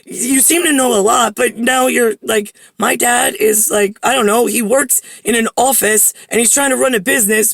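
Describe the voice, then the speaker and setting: A woman's voice: fairly high pitch, gravelly, no echo. A woman telling a long personal story in a rambling way, full of "like" fillers and blunt swearing. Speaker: vlogger.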